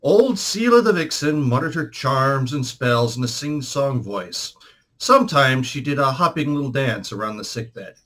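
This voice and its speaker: A man narrating a storybook aloud as host of his own reading show. He reads expressively, his tone rising and falling with the story. His voice sits at a middle pitch for a man. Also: lively intonation, normal speed, fairly bright tone.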